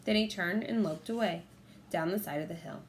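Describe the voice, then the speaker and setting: A woman's voice: lowish voice, slight background noise. Woman reading a children's storybook. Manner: clear, measured storytelling. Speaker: audiobook reader. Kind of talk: children's audiobook narration.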